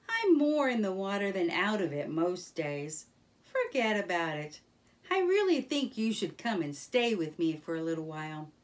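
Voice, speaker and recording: Woman voicing a cheerful water rat. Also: mid-range voice. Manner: cheerful, easygoing.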